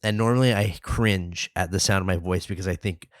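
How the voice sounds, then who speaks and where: A man's voice: deep voice, steady tone, a little fast, dry recording, studio quality. A man hosting a podcast in casual chat, easygoing and self-deprecating, with a somewhat nasal voice. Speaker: podcast host.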